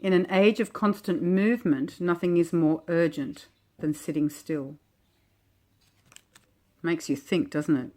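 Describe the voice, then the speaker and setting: A woman talking casually and reflectively as she walks through her homemade oracle cards, gentle and chatty. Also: on the low side, steady tone, unhurried, pauses often. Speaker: oracle deck creator.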